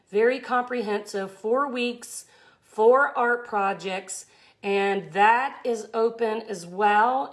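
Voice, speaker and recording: A woman, chatting effusively as she teaches a live glass art tutorial. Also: fairly high pitch. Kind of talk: casual live tutorial chat.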